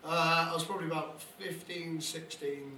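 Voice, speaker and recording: A young man tells crude drinking stories, slipping into other people's voices as he goes. His voice is very bright and slightly high. He sits a little off the mic in an echoey room. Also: normal speed, distant mic. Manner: crude, animated, acts out voices. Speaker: podcast co-host. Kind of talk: casual storytelling.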